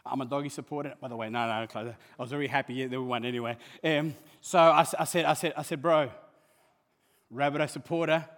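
A male pastor preaching a sermon, swinging between hushed asides and loud emphatic calls. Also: medium pitch, fairly even intonation, quick pace, few pauses, in a large hall.

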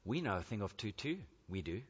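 A man, a preacher, voicing a calm male teacher who gently mocks a learned visitor in a low, hushed tone during a sermon. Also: normal speed. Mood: gently rebuking. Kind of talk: sermon quoting scripture. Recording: echoey hall, dull lo-fi.

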